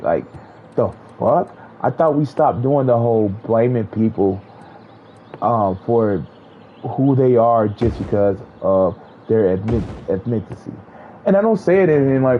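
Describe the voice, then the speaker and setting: A man's voice: medium pitch, expressive, a little slow, dull audio, a little hiss or hum. A man streaming a game while he rants in casual commentary, blunt, heated and full of swearing.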